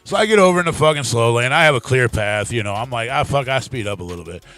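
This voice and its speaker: A man's voice: medium pitch, lively intonation, fast, fairly bright tone, faint music behind. A man hosting a live talk show, telling a profane story in casual chat and laughing often. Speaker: podcast host.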